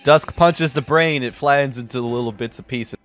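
A man runs a tabletop game in an easy, relaxed way, calling rolls and describing what the monsters do. His voice sits at an ordinary pitch, with faint music playing softly behind him. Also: normal speed. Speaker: game master.

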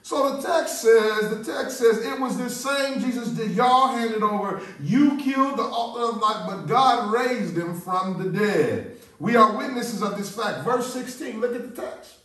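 Man, high voice, slow deliberate preaching, excitable, repeats himself, very echoey church, heard from a distance. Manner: excitable, repeats words and restarts. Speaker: pastor. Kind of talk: sermon. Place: church sanctuary. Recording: echoey room, mic at a distance.

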